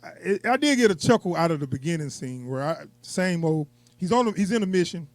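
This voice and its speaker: Male co-host for a casual film review podcast, slightly high voice, dry close sound, animated and quick to laugh. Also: dry recording. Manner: animated, laughs often, acts out quotes with a raised voice. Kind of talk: casual movie review chat.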